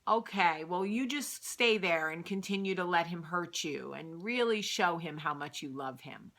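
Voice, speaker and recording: A woman's voice: mid-range voice, very animated, unhurried, pushed and bright, exaggerated voice. A woman voicing her elderly grandmother, who is blunt, impatient and patronizing. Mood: sarcastic. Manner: sarcastic, patronizing.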